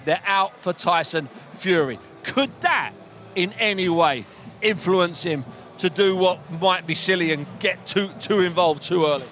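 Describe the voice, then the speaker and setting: A man's voice: sits high, measured pace, a bit bright, faint music behind. A man presenting casual boxing talk on radio, telling anecdotes and quoting people. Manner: anecdotal, quotes people in put-on voices.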